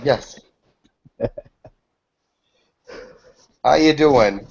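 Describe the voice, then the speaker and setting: A man's voice: medium pitch, extremely slow, creaky, a little mellow, a little hiss or hum. Easygoing man chatting on a call. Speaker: host. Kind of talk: casual chat in a video call. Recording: dull lo-fi call audio.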